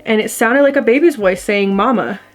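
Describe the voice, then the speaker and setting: Speaking a little fast in a fairly high voice, this young woman vlogger rambles through a ghost story to her camera. She's casual and chatty, leaning heavily on "like" and other fillers, all picked up by the camera mic.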